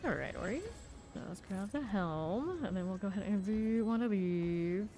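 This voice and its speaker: A woman from Florida streams a game and talks her way through it in a loose, rambling chat. Her voice sits at an ordinary middle pitch, and a faint hiss runs under it. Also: lively intonation, moderate pace, warm tone. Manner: chatty, rambling asides while playing. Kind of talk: casual gameplay commentary.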